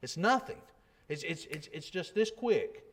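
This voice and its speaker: High-voiced preacher. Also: male voice, sing-song, unhurried, a bit bright. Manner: conversational preaching with frequent repetitions and rhetorical questions. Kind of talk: sermon.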